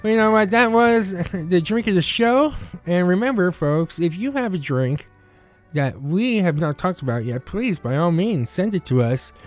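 A man's voice: high-pitched, expressive, moderate pace, soft background music. A man co-hosting a casual talk show, rambling with lots of fillers and laughing often. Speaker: podcast co-host. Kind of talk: casual chat.

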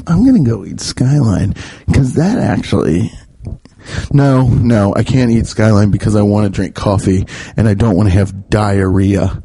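A man's voice: lowish voice, lively intonation, measured pace, vocal fry, dark tone, husky, no echo. A man in his thirties, a podcast host, rambling through a profane, self-mocking comedic monologue. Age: 30s.

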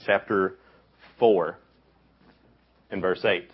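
Young male youth speaker, deep and husky, lively storyteller who acts out quotes, dull lo-fi recording. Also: very slow. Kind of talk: casual youth sermon.

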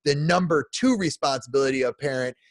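A man's voice: fairly high pitch, a little fast, no echo. Impassioned forty-year-old man, dry close sound. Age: 40s. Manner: emotional, repetitive restarts, says "man" often. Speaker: podcast guest. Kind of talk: impassioned podcast rant.

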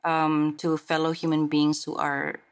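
A woman's voice: low-pitched, completely flat delivery, unhurried, smooth. A woman hosting a podcast, talking in a thoughtful, reflective way with plenty of fillers. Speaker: podcast host. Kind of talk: casual conversation.

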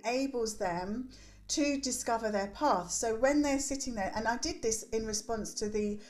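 Amid a loud crowd, a woman in her forties speaks as a podcast guest about coaching teenagers in youth development. Her voice is on the high side and her pace moderate. The interview is animated, her tone emphatic and preachy, with "right?" tagged onto many points.

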